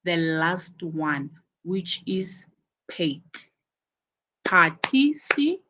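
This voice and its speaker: A woman's voice: medium pitch, slow pace, poor audio. A woman teaching an English pronunciation lesson to students, patiently repeating and stressing key words as she explains.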